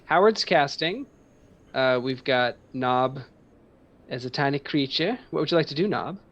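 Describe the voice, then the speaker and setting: A man narrating as game master in a tabletop game, relaxed and laughing often, with many ums. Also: medium pitch, unhurried, highs cut off. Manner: relaxed, chuckling, filler-heavy.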